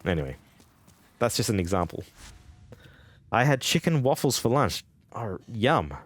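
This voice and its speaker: Speaking in a lowish, sing-song voice without hurry, an Australian gamer chats casually with his live-stream viewers. The talk wanders, with frequent laughter and plenty of swearing.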